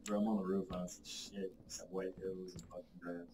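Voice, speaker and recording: A young man chatting casually while gaming, excitable, swearing and calling his friend bro. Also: low voice, slight background noise. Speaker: gamer.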